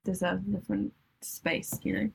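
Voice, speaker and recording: A woman's voice: mid-range voice, level tone, normal speed, vocal fry, darkish tone, a little hiss or hum. A woman co-hosting a casual music podcast, rambling and laughing as she talks. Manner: rambling, self-interrupting, laughs often. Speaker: podcast co-host. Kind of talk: casual chat about music.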